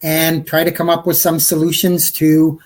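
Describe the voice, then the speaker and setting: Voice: medium pitch, monotone, moderate pace, a little mellow. A guest on a casual podcast chat who talks earnestly and thinks aloud.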